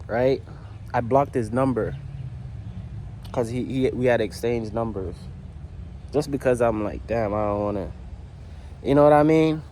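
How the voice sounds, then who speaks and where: Garage vlogger, male, from the Virgin Islands, mid-pitched voice, talks loose and slangy, rambles through his story, faint background hiss. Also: measured pace, pauses often, dark tone. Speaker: motorcycle builder. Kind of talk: casual vlog talk. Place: home garage.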